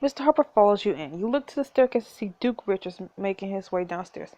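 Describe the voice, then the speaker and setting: A woman hosting a let's play, reading a story game aloud and adding snarky, expressive asides. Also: medium pitch, fast talker.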